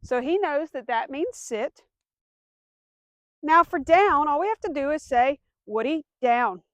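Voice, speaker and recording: A woman's voice: high-pitched, lively intonation, measured pace, no echo. A woman dog trainer explaining commands step by step, giving firm cues to a dog. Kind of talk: instructional demonstration.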